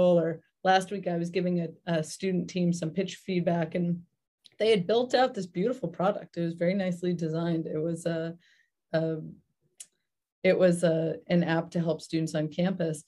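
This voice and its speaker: A middle-aged woman with a somewhat low voice, speaking as a guest on an interview podcast. She talks in a thoughtful, conversational way, pausing often on ums and restarting her sentences. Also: fairly even intonation, darkish tone. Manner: thoughtful, many fillers and restarts. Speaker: venture investor guest.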